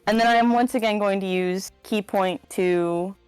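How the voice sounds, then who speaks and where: A woman's voice: mid-range voice, moderate pace, clean tone, no room sound, faint music behind. A woman playing in a tabletop game, chatty and a bit hesitant while deciding her moves. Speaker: player. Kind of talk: casual tabletop play.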